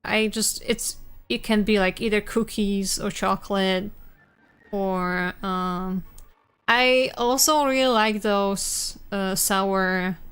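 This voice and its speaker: Young woman streamer, unhurried, clear tone; casual chat with chat, halting, giggly. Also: mid-range voice, steady tone, fairly bright tone. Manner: halting, full of restarts and fillers, giggly. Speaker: streamer chatting with viewers.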